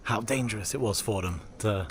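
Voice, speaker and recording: A man chatting to camera as a travel vlogger, with a lively, exclamatory and sometimes frustrated manner, recording in and around a camper van. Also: lowish voice, brisk. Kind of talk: casual vlog to camera. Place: camper van and outdoors at a rock site.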